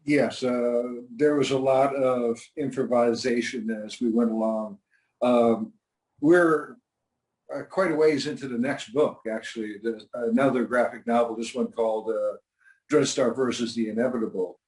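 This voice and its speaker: An older man, a comic creator guest, telling stories in a dry, matter-of-fact way with hesitant pauses. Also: medium pitch, darkish tone, low-quality recording. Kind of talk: relaxed interview talk.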